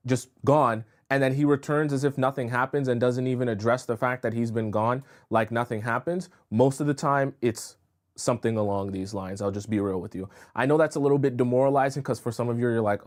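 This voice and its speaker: A man hosting a casual live-stream dating advice session, talking straight to his viewers. He is frank and chatty, reacts to comments as they come in, and keeps checking in with a quick "right?" at a middle pitch. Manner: chatty, reads and answers viewer comments aloud; frank, repeats phrases and fills with "uh" and "right?". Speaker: dating coach.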